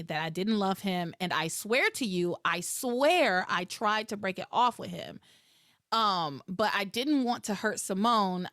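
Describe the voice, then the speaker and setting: A woman's voice: medium pitch, no echo, studio quality. A woman hosting a podcast, recapping soap episodes in casual chat and acting out the characters' lines. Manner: animated, acts out quotes, frequent fillers. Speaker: podcast host.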